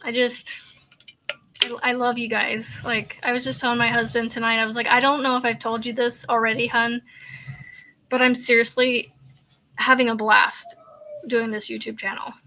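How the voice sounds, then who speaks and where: A woman's voice: fairly high pitch, flat delivery, normal speed, pushed and bright, a little hiss or hum. A woman, hosting a casual crochet live chat in a rambling, hesitant way with many fillers and sighs. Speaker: crochet channel host.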